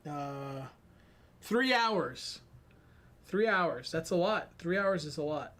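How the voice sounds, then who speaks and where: Lively high-voiced young man streaming. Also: slow. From Ireland. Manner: rambling, self-deprecating, talks to chat while fiddling with gear. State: tired and sweating. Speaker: sim racing streamer. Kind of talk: casual live-stream chat.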